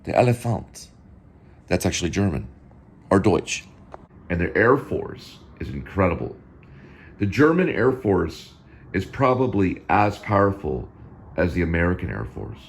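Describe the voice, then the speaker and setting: A man hosts a casual home video in a low voice, talking slowly and deliberately. His pitch swings widely as he lectures, repeating the same words again and again. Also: big pitch swings, breathy edge. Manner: repetitive, lecturing, drills words over and over. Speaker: show host.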